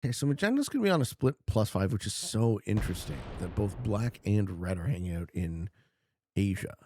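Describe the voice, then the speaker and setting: A man streaming a strategy board game, chatting casually with viewers and swinging from low murmurs to loud shouts. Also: very animated, fairly quick, no room sound. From Canada.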